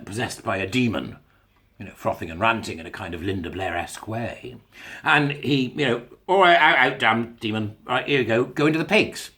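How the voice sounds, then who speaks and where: A man talks straight to his listeners in a voice of ordinary pitch. He is blunt and opinionated and cracks jokes as he goes, laughing at his own lines. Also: a bit bright. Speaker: podcast host. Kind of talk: casual monologue.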